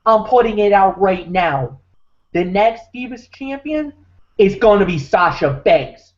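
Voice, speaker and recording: A man's voice: high-pitched, expressive, measured pace. A man hosting a wrestling recap show, talking with emphatic, preacher-like force. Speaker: podcast host. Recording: muffled lo-fi audio.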